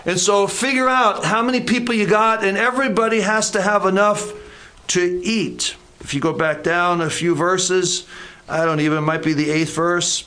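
A man preaching a sermon as a pastor, with deliberate, repeated emphasis and folksy asides. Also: high-pitched, fairly even intonation, pushed and bright.

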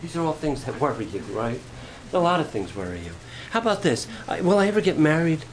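A man preaching a sermon, shifting from quiet storytelling to rising, fervent preaching. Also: fairly high pitch, very animated, a little fast, slight background noise, rough recording. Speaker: pastor.

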